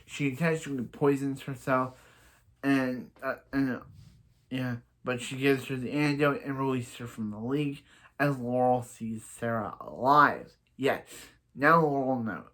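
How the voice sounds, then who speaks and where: A man casually recaps a TV episode as a reviewer, rambling along, stumbling over restarts, and offering blunt opinions. His voice is mid-range with a fairly bright tone.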